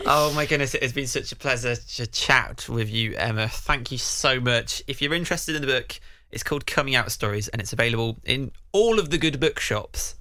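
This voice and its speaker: Bright-voiced male podcast host. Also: mid-range voice, a little fast, dry recording, clean studio sound. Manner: upbeat, effusive, reads out contact details. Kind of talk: radio podcast hosting.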